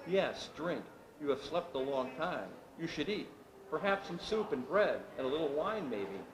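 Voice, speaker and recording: A man's voice: on the high side, very animated, moderate pace. A man doing a tender young peasant woman. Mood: gentle. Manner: soft, gently coaxing. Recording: echoey room with background noise.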